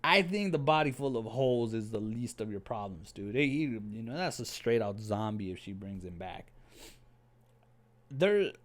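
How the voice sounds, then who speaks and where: A man giving a casual, excitable review of a TV episode, rambling and slangy, often saying "dude". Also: lowish voice, moderate pace. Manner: excitable, with many restarts.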